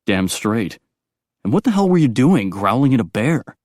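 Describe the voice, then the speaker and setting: A man voicing a protective vampire warrior who sounds dry, gruff and exasperated. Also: mid-range voice, very animated, moderate pace, a little mellow, no room sound, close to an everyday voice. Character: wry, protective young male vampire warrior.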